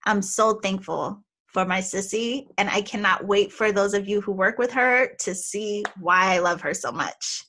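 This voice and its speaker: A woman's voice: mid-range voice, bright, forceful tone, slight background noise. Chatty woman podcast host. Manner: affectionate, chatty, quick bursts. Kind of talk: casual chat.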